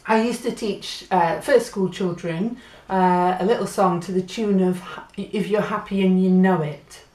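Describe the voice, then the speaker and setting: A woman's voice: medium pitch, fairly even intonation, measured pace, darkish tone, echoey room. A woman from Great Britain giving a patient spoken language lesson, spelling out and repeating words. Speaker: Spanish teacher.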